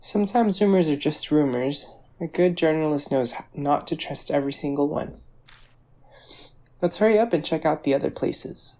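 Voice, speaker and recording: A woman's voice: low-pitched, normal speed, mellow. A woman reading as a blunt young man. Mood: dry. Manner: dry, blunt. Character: blunt young man, skeptical journalist type.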